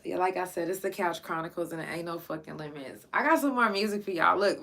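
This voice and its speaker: A woman's voice: lowish voice, brisk, gravelly, hardly any pauses. A woman hosting her own podcast, talking in a casual, emotional monologue, swearing freely and close to tears. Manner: profane, excitable, close to tears. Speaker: podcast host.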